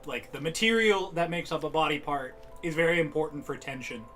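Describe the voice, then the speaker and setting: A woman's voice: deep voice, a little fast, a bit bright, soft background music. A woman co-hosting an art stream in casual chat, joking in a dry, self-deprecating way.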